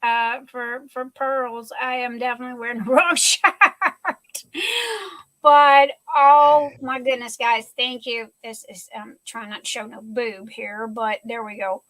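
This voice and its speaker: A woman's voice: fairly high pitch, little pitch movement, a little slow, fairly bright tone, no echo, low-quality recording. A middle-aged woman hosting her livestream at home, gushing and talking through tears. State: tearful. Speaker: livestream host. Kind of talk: casual live chat.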